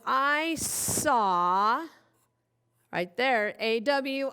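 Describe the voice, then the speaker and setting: A woman's voice: fairly high pitch, slow, fairly bright tone, clean tone. A woman teaching young children a phonics lesson, cheerfully spelling out letters one by one. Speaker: kindergarten teacher.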